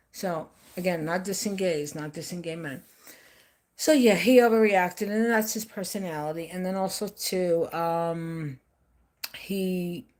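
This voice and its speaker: Rambling older New woman, low-voiced. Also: a little mellow. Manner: rambling, emphatic, repeats herself. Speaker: live streamer. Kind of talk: casual live-stream monologue.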